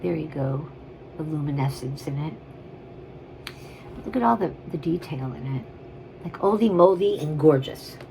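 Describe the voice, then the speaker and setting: A woman's voice: low-pitched, animated, moderate pace, creaky, pauses often, noisy background. A woman chatting casually on camera as she shows and sells vintage jewelry, rambling and gushing over each piece. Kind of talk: casual on-camera selling chat.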